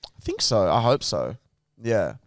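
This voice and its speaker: A man's voice: on the low side, unhurried, no room sound, clean studio sound. A young man telling a story in casual podcast chat, swearing often and acting out the people in it. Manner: animated storyteller, swears a lot, acts out scenes. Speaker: podcast co-host.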